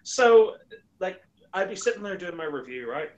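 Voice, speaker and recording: A man chatting casually as a guest, an animated storyteller who acts out quoted lines in a higher voice. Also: quick pace, dull audio, slight background noise. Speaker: YouTuber guest. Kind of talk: casual chat.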